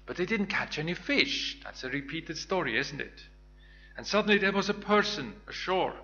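A man's voice: a little high, lively intonation, moderate pace, sharp tone, lo-fi sound, faint music behind. A man giving a Bible teaching sermon, retelling scripture in a reflective storytelling way with small restarts. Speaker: preacher.

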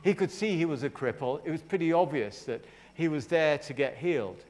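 A man's voice: a little high, animated, a little fast, darkish tone. A man preaching a sermon, retelling a story with dramatic flair and friendly asides to the congregation.

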